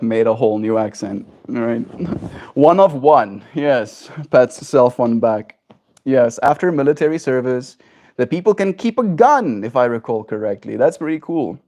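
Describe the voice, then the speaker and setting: A young man from South Africa with a self-shaped neutral accent, live streaming and chatting casually with viewers, peppering his talk with "like" and "right?". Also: mid-range voice. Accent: self-shaped neutral, slightly American-leaning. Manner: chatty, animated, frequent "like" and "right?" tags. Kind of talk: casual chat reading viewer comments.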